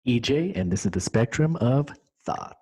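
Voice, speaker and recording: A man's voice: mid-range voice, animated, moderate pace, a little mellow, breathy edge. A man co-hosting a casual podcast, asking questions and teasing his friend playfully. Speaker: podcast co-host. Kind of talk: casual chat.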